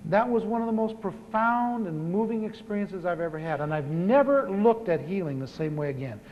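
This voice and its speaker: A man in his fifties with a notably high voice for a man, preaching a humorous testimony in a lively, storytelling way. He repeats words for comic timing. The sound is a live talk in a church hall with a long echo and a faint hiss behind it. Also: moderate pace, muffled recording. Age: 50s. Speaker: pastor.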